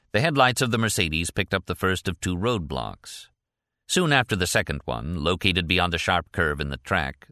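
A man narrating an audiobook in a steady, deliberate reading voice. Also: deep voice, no echo, clean studio sound. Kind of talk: scripted narration.

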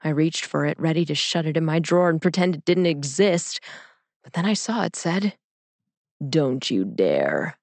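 A young woman with a low voice narrates a personal story in a calm, measured, inward-looking way. The recording is close and dry, with no room sound. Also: no echo. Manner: calm, measured, introspective reading. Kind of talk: audiobook reading of a personal story.

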